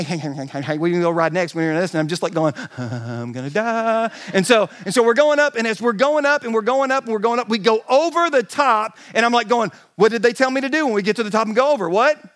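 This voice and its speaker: A male pastor preaching a sermon, telling a story with animated delivery and bursts of shouting. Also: very high voice, fast, hardly any pauses.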